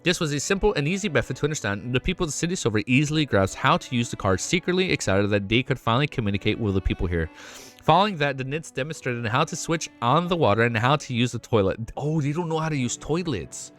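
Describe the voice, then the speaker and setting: A man reading a webnovel aloud and reacting casually, swearing often and breaking into excited outbursts. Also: mid-range voice, fast, soft background music. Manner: swears a lot, excitable outbursts between read passages.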